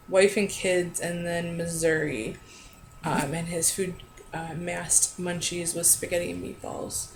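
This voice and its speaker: A woman co-hosting a casual recap chat in an easygoing, chatty way, quick to agree. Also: on the low side, a little hiss or hum, low-quality recording. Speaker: podcast co-host.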